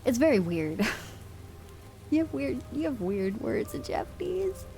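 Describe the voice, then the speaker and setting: A woman's voice: on the high side, very animated, a little slow, dark tone. Chatty, giggly woman streamer. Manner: chatty, giggly, swears freely. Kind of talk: casual chat with live chat.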